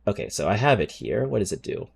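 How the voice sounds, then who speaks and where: A man's voice: on the low side, very animated, fast talker, gravelly, slightly rough. A man streaming live who chats casually with his viewers, swears freely, and reads game card text aloud. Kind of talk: casual livestream chat.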